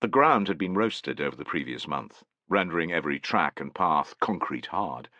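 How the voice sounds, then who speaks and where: A man narrates a brutal historical war story with expressive drama. His voice is low yet bright and sharp, swinging widely in pitch, and the recording is close and completely dry. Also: moderate pace, no room sound, highs cut off. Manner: expressive, voices each character. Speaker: audiobook narrator.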